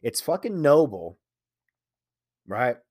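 A man's voice: mid-range voice, very animated, slow, darkish tone, no echo, clean studio sound. A man talking in a casual solo monologue, telling a candid, profane personal story and earnestly preaching about living life your own way. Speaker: solo speaker.

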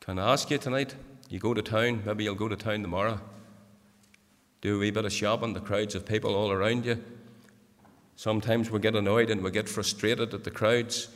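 A man delivers a sermon in a church, speaking to the congregation directly. His earnest voice climbs to emphatic peaks and then sinks into hushed pleas. It all rings out with a long reverb off the hall. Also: fairly low pitch, fairly even intonation, fairly quick. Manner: repeatedly addresses the congregation directly. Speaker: preacher.

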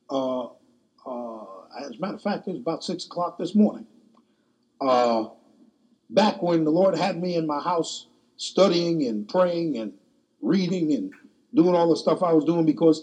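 A man's voice: fairly high pitch, darkish tone, breathy edge. A man preaching a sermon, telling a personal story in a folksy, colloquial way.

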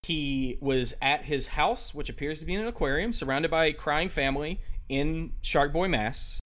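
A man's voice: on the high side, moderate pace, fairly bright tone. A man hosting a podcast in casual chat, enthusiastic and chatty with many fillers. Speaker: podcast host.

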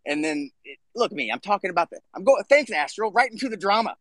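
A man's voice: high-pitched, sing-song, fast talker, a bit bright, no room sound. A man hosting a casual live audio chat, talking bluntly and swearing freely. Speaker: podcast host.

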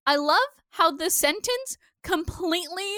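A young adult woman hosting a casual podcast, animated and laughing often, with lots of filler words. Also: extremely high pitch, a little slow, no echo, studio quality. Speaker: podcast host. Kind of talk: casual chat.

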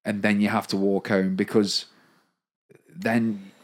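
A man's voice: lowish voice, little pitch movement, slow pace. A young man co-hosting a podcast, chatting casually with dry, wry remarks. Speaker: podcast co-host. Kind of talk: casual chat.

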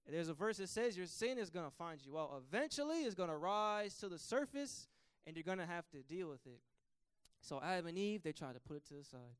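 A man preaching a sermon with an impassioned delivery that swells to loud, emphatic peaks. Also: high-pitched, lively intonation, fairly quick, clear, resonant tone, dry recording, clean studio sound.

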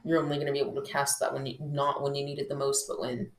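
A woman with a low voice plays the skeptic in a casual chat, dry and teasing. The recording has a roomy echo. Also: monotone, quick pace. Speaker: co-host. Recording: roomy echoey room.

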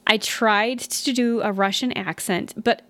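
A young adult woman co-hosting a podcast, telling stories in an excitable, rambling way. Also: medium pitch, a little slow, no room sound. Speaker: podcast co-host. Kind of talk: casual chat.

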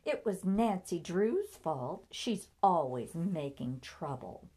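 A woman's voice: high-pitched, big pitch swings, very slow, voice pushed up, full character voice. A woman voicing a rude, haughty young woman. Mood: scornful. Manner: sharp, scornful, raised voice.

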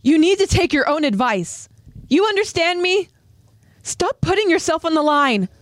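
A woman's voice: extremely high pitch, very animated, normal speed, no echo, voice pushed up. A woman voicing an earnest young female soldier from an anime, imploring and urgent in a raised voice. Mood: pleading.

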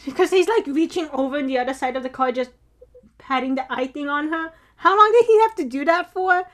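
A young woman casually recapping drama episodes with a friend, animated, swearing freely and acting out her own reactions. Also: high voice, brisk. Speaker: podcast co-host.

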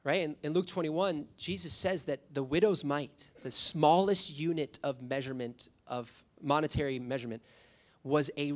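A man's voice: fairly high pitch, moderate pace, hardly any pauses. A young adult man preaching a sermon as a youth pastor, telling stories with acted-out quotes. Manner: storytelling, animated with acted quotes.

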